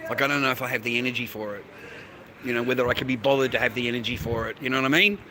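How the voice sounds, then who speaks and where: A middle-aged Australian man races through a loose, profane ramble on a casual livestream, his phone in hand as he talks to it and to the viewer. His voice is medium in pitch, and background noise can be heard.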